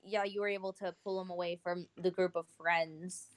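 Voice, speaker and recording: A woman acting as game master runs a tabletop role-playing game, describing the scene and calling for rolls with frequent hesitation and many fillers. Her voice is lowish, with fairly even intonation and a moderate pace.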